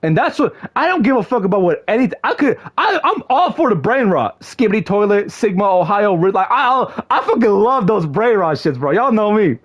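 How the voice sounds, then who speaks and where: Young streamer guy with a high, bouncy voice, slangy and excitable, prone to yelling. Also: fairly quick, few pauses, highs cut off. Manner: excitable, shouts in mock frustration, slangy with lots of "bro". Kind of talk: casual livestream chat to viewers.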